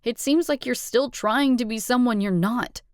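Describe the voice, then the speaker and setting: A wounded teenage best friend, voiced by a woman, speaking slowly and a little higher than the narration in a storybook reading. The sound is dry and close. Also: smooth, no echo, close to an everyday voice. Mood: hurt. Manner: slow, wounded delivery. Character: hurt teenage girl, best friend, tearful.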